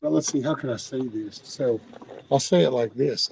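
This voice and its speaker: Gravelly man telling rambling jokey stories. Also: medium pitch, normal speed, darkish tone. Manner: rambling, jokey, swears casually. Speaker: backyard chicken keeper and vlog host. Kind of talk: casual storytelling chat. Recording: dull lo-fi dry audio.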